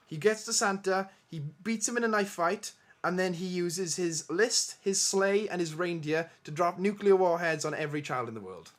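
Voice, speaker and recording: A man's voice: high voice, moderate pace. A man hosting a casual quiz podcast, reading out odd stories and laughing at the absurd parts. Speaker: quiz host.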